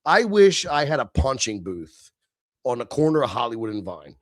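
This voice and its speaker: A man's voice: mid-range voice, very animated, normal speed, no echo, studio quality. A middle-aged man hosting a livestream, venting in a heated, profane, sneering rant. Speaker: livestream host. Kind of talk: ranting livestream monologue.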